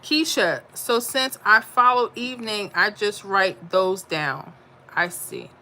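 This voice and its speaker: A woman's voice: medium pitch, takes it slowly, sharp tone. A woman hosting a casual livestream, reading viewer comments aloud and answering them in a chatty way. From Florida. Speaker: livestream host reading chat.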